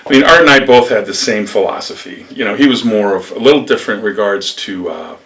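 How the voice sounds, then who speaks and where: An older man from upstate New York, a former lacrosse coach, telling rambling stories in an interview with lively acted quotes. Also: on the low side, fast, gravelly, far from the mic, slight background noise. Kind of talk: storytelling interview.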